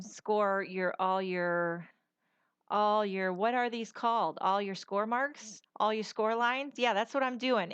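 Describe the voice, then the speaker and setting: A woman's voice: mid-range voice, a bit bright, smooth, dry recording, highs cut off. A middle-aged woman hosting a casual papercraft tutorial, chatty and folksy, rambling with fillers as she works. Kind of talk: casual crafting tutorial voice-over.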